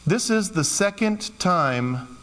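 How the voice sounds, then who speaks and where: A man's voice: high voice, expressive, takes it slowly, a bit bright. A man preaching a sermon in a loose, conversational way, slipping into playful quoted asides. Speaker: pastor. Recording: long hall reverb.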